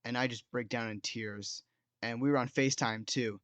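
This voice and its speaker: A man's voice: medium pitch, steady tone, moderate pace, fairly bright tone, no room sound. A young man in his late teens hosting a storytime video, rambling through a casual story in a self-mocking way, full of "like" and "dude". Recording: dull, lo-fi, dry sound.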